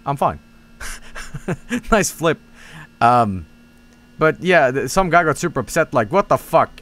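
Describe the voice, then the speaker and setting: His voice sits on the high side, very animated yet slow-paced, with a somewhat bright tone. He's a man streaming a game, casually rambling through tasks and stories with plenty of swearing, and he spooks easily.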